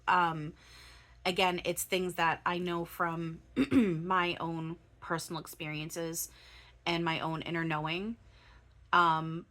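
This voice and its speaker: A woman in her thirties talks to her own camera in a loose, searching way, pausing often with ums as she looks for her words. Her voice sits very low and still sounds freshly woken. It comes across as an unscripted spiritual monologue. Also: flat delivery, sharp tone. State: voice still waking up. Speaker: spiritual channeler.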